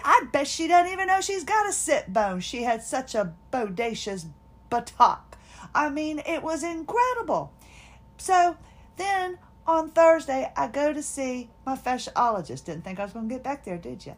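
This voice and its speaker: A fatigued woman telling a personal story on her podcast, her voice sitting a little high. She talks casually, laughs often and quotes people in their own voices. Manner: chatty, laughing, animated retelling with quoted voices. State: fatigued, hard time talking. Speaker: podcast host.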